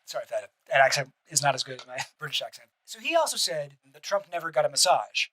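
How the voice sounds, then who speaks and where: Fast-talking high-voiced male streamer. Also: big pitch swings, pushed and bright, low-quality recording. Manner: rambling, many restarts and asides, blunt swearing. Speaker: streamer reacting to a deposition. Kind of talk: casual reaction commentary.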